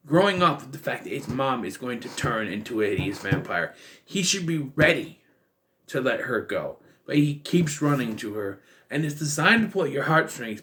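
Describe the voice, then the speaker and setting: A man's voice: medium pitch, a bit bright. A man in his thirties giving a casual, exasperated and blunt film review, with bursts of profanity. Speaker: movie reviewer.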